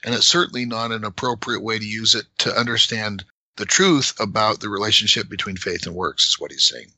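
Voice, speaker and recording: A middle-aged man explaining scripture in a measured, conversational way, sometimes emphatic. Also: on the low side, sharp tone, dry recording, low-quality recording.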